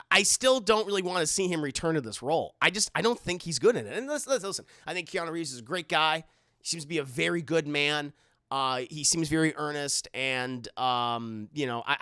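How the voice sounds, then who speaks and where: Male streamer, casual live commentary, lively swooping pitch, bright voice, rambling, dry close sound. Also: dry recording. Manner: animated, rambling, stumbles and repeats words. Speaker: streamer reacting to news and reading live chat.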